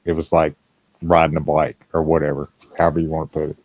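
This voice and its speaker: A man's voice: very deep voice, completely flat delivery, quick pace, no echo. A man with a Southern Virginian accent, chatting in a dry, laid-back way on a panel. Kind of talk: casual chat. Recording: dull lo-fi call audio.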